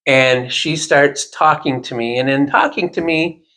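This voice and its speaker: A man's voice: mid-range voice, a little slow, bright, forceful tone. A man telling a long, rambling personal anecdote in casual chat, with self-deprecating asides.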